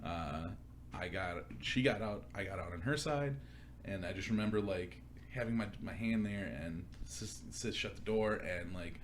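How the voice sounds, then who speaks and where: A man's voice: low voice, normal speed, slight background noise. A young man co-hosting a casual chat, telling crude stories with lots of laughter and animation. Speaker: podcast co-host.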